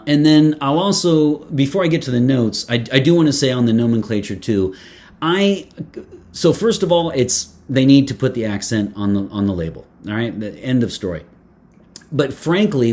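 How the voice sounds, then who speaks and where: A man's voice: mid-range voice, dark tone. A man reviewing a fragrance in casual talk to camera, playful and chatty, with many fillers, restarts and joking asides.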